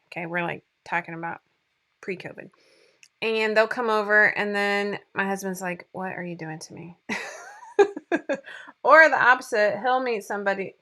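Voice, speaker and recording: Woman, 40s, livestream host, chatty, rambling, crisp bright tone. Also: medium pitch. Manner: chatty, rambling, laughs often, gets teary. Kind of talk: casual chat.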